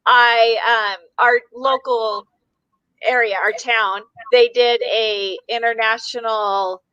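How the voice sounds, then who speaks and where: A bright, forceful woman with a slightly high voice hosts a casual video chat. She is chatty and affirming and tells her own stories, and her voice sounds dry and close. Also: fairly even intonation, slow pace, clear, resonant tone, no room sound, lo-fi sound. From United States. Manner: chatty, warmly affirming, storytelling.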